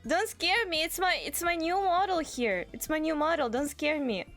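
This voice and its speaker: Shrieky high-pitched woman streamer, faint music. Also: lively intonation, normal speed, fairly bright tone. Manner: shrieking, laughing, frantic repetition. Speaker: VTuber streamer. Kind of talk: excited live-stream chat. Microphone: desk microphone.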